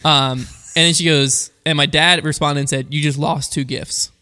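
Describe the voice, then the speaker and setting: A young man hosting a casual podcast chat, telling family stories with a joking, animated manner. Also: on the high side, moderate pace, clean tone. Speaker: podcast host.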